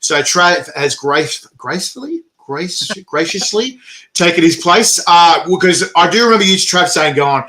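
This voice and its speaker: An Australian man hosting a casual chat, excitable, laughing often, heard over a video call. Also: high voice, measured pace. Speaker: host.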